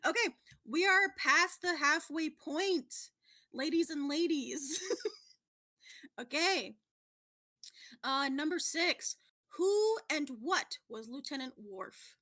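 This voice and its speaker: High-pitched giggly woman hosting a quiz. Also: very animated, slow pace, long pauses, sharp tone. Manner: giggly, laughs often while explaining. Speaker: podcast co-host running a quiz. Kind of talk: casual chat.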